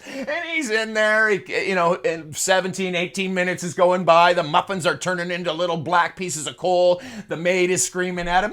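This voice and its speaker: A man's voice: sits high, fairly quick, a bit bright. A man hosting a comedic sports monologue, crude and sarcastic, who swears freely and chuckles at his own jokes. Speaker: host.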